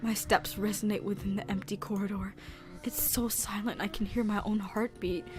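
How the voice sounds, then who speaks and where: A woman voicing a frightened shy teenage girl in whispered role-play, reading anxious first-person game narration in a hushed voice. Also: mid-range voice, flat delivery, normal speed, music in the background, natural voice.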